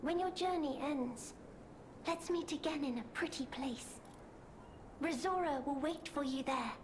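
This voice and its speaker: A woman voicing a gentle, wistful young girl in a video game, speaking softly and reassuringly. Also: high voice, measured pace, noisy background. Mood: tender. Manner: soft, tender and reassuring.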